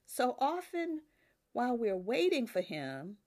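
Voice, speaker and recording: An older woman preaching a sermon, emphatic, with rises on key words and soft drops at the ends of phrases. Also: on the high side, sing-song, unhurried.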